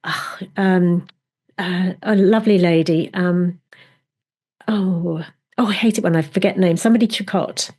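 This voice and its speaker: A woman's voice: on the low side, steady tone, measured pace, darkish tone. A middle-aged woman coach, a podcast guest, telling stories with enthusiasm and acting out little inner voices. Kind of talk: conversational interview.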